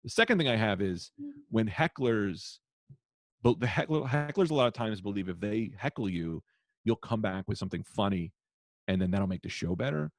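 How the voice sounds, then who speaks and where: Profane storytelling man, low voice. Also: normal speed, no echo, studio quality. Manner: profane, animated, acts out shouted quotes. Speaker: comedian guest. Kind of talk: storytelling in casual podcast chat.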